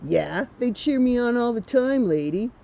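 A woman voicing a cocky teenage boy hockey player who boasts slowly. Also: on the high side, animated, vocal fry, warm tone, pitched above the performer's own voice. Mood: smug.

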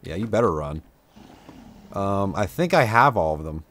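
Chatty and self-deprecating, a young gamer narrates his let's play casually and now and then bursts out at enemies. He has a low, sing-song voice with a fairly bright tone and talks at normal speed.

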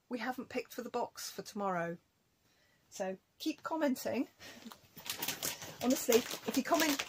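A woman's voice: on the high side, noisy background. A woman chatting casually to camera as a cross-stitch vlogger, rambling and self-deprecating at home.

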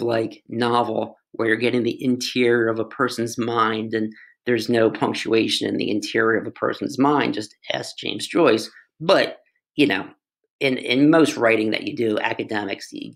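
A man with a gravelly, fry-edged voice of middling pitch teaches a casual grammar lesson. He talks to his students directly and teases himself along the way. His delivery is loose and playful. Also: fairly bright tone. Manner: playful, self-joking, asides to students. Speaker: English tutor.

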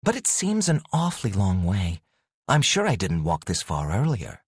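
A man's voice: low-pitched, wildly swooping pitch, moderate pace, husky, dry recording, clean studio sound, heavily acted. A man voicing a young woman witch in a fantasy audiobook, anxious but determined, speaking urgently.

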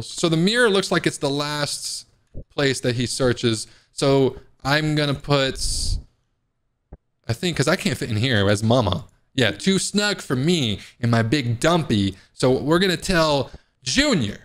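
Give me a man with a mid-pitched voice, joking through a horror game. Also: expressive, measured pace, a bit bright. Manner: joking, panicky outbursts. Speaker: gaming video host. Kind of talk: casual let's play commentary.

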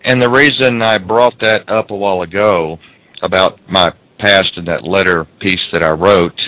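Man, somewhat low voice, rambling blunt talk radio host. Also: steady tone, normal speed, bright, forceful tone, dry recording, poor audio. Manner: rambling, repeats words, blunt storyteller.

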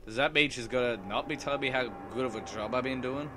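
A young man giving casual, swear-heavy commentary while playing a video game, excitable and prone to sudden loud yelps. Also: mid-range voice, fast talker, noisy background. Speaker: let's play gamer.

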